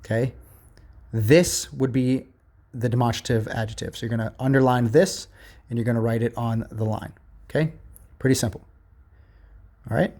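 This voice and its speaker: A male teacher giving a remote grammar lesson, reading examples from a workbook and explaining them slowly with frequent "okay?" check-ins. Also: medium pitch, steady tone, a little mellow.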